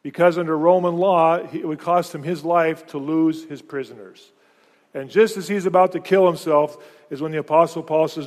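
A pastor preaching to his congregation, a man with a somewhat high voice. He talks earnestly, stumbling back over words and restarting his phrases. His voice rings out with a long reverb, as in a large church hall. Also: steady tone, normal speed. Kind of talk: sermon.

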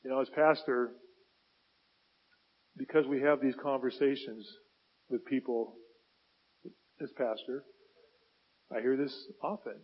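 A male pastor preaching a sermon, swinging from loud impassioned pleading to quiet reflective asides. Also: medium pitch, fairly even intonation, measured pace, long pauses, slightly rough, muffled recording.

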